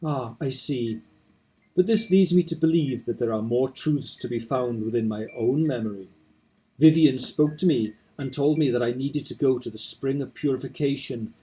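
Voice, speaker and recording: A man reading aloud in his own voice as a determined young game hero, steady and earnest. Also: mid-range voice, slightly rough, natural voice, rough recording. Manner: steady, earnest narration of resolve.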